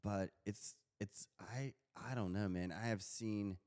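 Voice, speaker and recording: A man's voice: lowish voice, takes it slowly, a little mellow. A man co-hosting a podcast in casual chat, jokey and rambling, often trailing off mid-thought. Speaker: podcast co-host.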